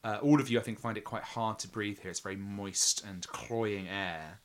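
A man running a tabletop role-playing game as game master, describing scenes in a halting way, with restarts and fillers. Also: on the low side.

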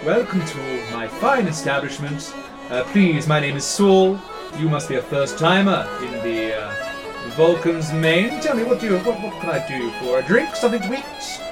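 A man's voice: on the high side, big pitch swings, moderate pace, pitched above the performer's own voice. A man putting on a genteel orc innkeeper. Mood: welcoming. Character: flamboyant male orc innkeeper in a powdered wig. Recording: music playing behind.

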